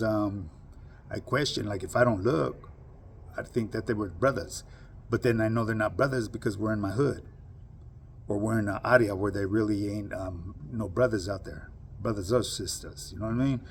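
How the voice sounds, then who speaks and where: A man's voice: fairly low pitch, creaky, slightly rough. A man giving a blunt, profane monologue full of street slang to his online audience. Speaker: social media commentator. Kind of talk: casual monologue to camera.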